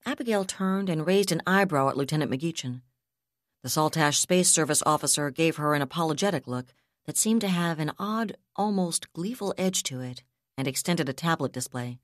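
Woman narrator, very low voice, dry close studio sound, steady audiobook read. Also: moderate pace, no echo. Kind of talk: scripted narration.

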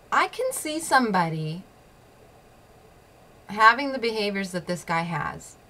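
A woman hosting her own show tells a personal story bluntly and with profanity, laughing often and repeating phrases for emphasis. Her voice is fairly low, with a bright, forceful tone.

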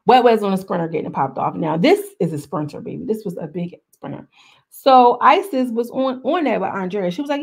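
A woman's voice: a little high, a little fast, darkish tone. A young woman, recapping a reality show in casual, gossipy commentary, talking straight to her viewers.

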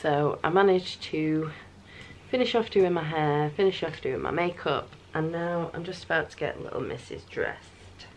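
A woman's voice: sits low, animated, normal speed, slight background noise. A woman, a new mother, vlogging casually at home, chatting and sometimes slipping into sing-song baby talk.

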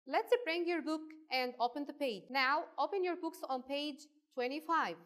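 A woman teaching a kindergarten phonics lesson, drilling letter sounds slowly and clearly in a patient, sing-song way. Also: sits high, a bit bright.

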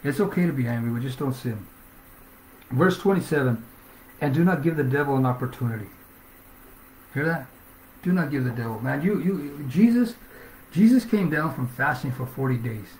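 A man's voice: medium pitch, lively intonation, normal speed, long pauses, darkish tone, slight background noise. A man preaching a sermon with fervent energy, reading scripture aloud and often asking "Amen?". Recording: echoey room.

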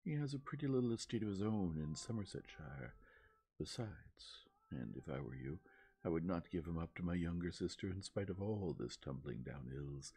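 A man in a soft-spoken ASMR reading, voicing a hearty, jovial older country gentleman in a bluff, booming manner. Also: husky, heavily acted.

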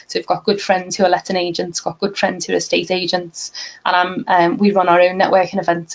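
A woman with a Scouse accent talking to camera about property in a chatty, practical way, her sentences full of ums. Her pitch stays flat and even, with little rise and fall. The recording is a little dull and lo-fi. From Liverpool, England. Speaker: property investor and host. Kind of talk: casual talk to camera.

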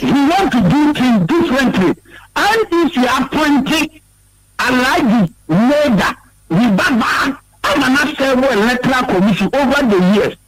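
A regional party chairman with a Ghanaian accent and a very high-pitched voice gives heated interview answers, repeating himself emphatically and stammering when worked up. The audio quality is poor.

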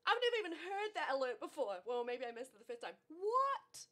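A woman's voice: high voice, lively intonation, fast. A woman in her thirties with a New Zealand accent, livestreaming in casual chat, frazzled and laughing as she rattles off thank-yous, out of breath. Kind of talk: casual live-stream chat.

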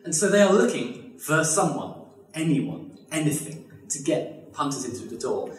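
A man telling a comic history story live, animated and exaggerated, with casual swearing. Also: a little high, moderate pace. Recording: echoey room, distant mic.

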